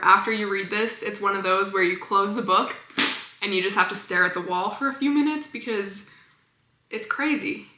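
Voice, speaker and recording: A chatty woman vlogging about books, her voice bright and a little sharp as she gushes about favorites. Her words bounce around an echoey room, with fast enthusiastic asides. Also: medium pitch, slight background noise. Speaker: book vlogger. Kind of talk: casual book review chat.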